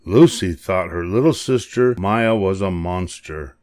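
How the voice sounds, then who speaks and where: An older man reading a children's picture book aloud, expressive and animated. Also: sits low, measured pace, dry recording, studio quality. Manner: expressive, animated voices for characters. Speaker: storybook reader.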